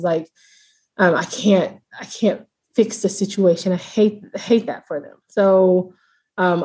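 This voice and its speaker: A woman's voice: lowish voice, darkish tone. A woman speaking as a podcast guest, a foster mother sharing her experiences in a heartfelt, earnest way with frequent restarts. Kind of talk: casual podcast interview.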